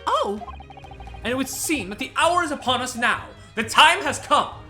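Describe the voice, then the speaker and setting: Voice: mid-range voice, sing-song, normal speed, bright, forceful tone, soft background music, pitched above the performer's own voice. A streamer doing a pompous boastful detective. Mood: grandiose. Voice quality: pompous, theatrical. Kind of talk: voicing game dialogue on a stream.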